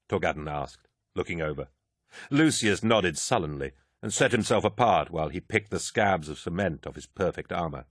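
Low-voiced guy reading an audiobook, expressive, dry close sound. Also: normal speed, dry recording. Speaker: audiobook narrator. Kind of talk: audiobook narration.

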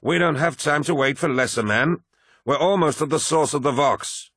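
A man's voice: fairly high pitch, moderate pace, fairly bright tone, slightly rough, no echo, studio quality, voice pushed up. A man voicing an arrogant warrior commander who snarls with contempt, in an audiobook reading. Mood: impatient. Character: arrogant warrior commander, adult male, proud and scornful.

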